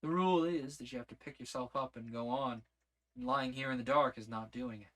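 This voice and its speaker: A man with a mid-pitched voice reads a first-person story aloud. His delivery is measured and steady, letting each scene unfold one clause at a time. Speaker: audiobook narrator.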